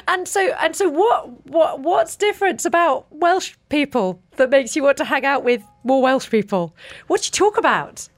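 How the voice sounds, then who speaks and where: A woman from Britain hosting a casual radio chat interview, playful and quick to laugh as she teases her guest. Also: high voice, lively intonation, no room sound. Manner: playful, laughs often, teasing. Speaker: radio show host.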